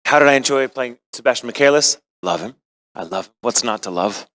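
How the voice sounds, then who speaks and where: A man speaks with a bright, forceful edge at an ordinary middle pitch. He is a voice actor and scriptwriter answering a question at a convention panel. He tells the story in an earnest, open way. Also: animated, a little fast, gravelly.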